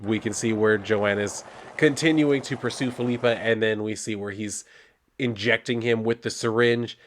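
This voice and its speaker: A man's voice: lowish voice, normal speed, slight background noise. Casual man recapping a comic. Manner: relaxed, wry asides and fillers. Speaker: comic book reviewer.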